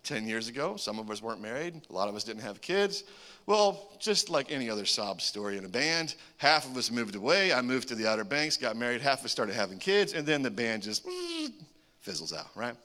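A man in his forties preaching a sermon as a humorous, animated story, often chuckling between lines. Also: mid-range voice, a little fast. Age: 40s. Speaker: pastor.

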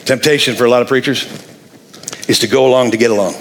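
A man preaching a sermon, animated and jokey, acting out the people he quotes. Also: medium pitch, rapid-fire, husky. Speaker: pastor.

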